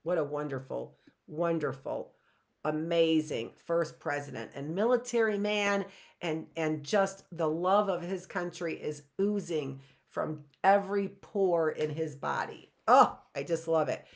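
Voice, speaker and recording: A woman's voice: low voice, unhurried, vocal fry. Enthusiastic woman teaching a live lesson. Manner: enthusiastic, emphatic, playful asides; reads excerpts aloud, then explains them. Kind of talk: live online lesson for all ages.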